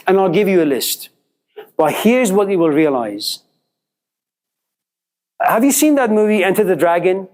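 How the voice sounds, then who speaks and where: A middle-aged man lecturing a class, animated and questioning, telling stories to make his points. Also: sits high, normal speed, long pauses, poor audio. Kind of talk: classroom lecture with student exchanges.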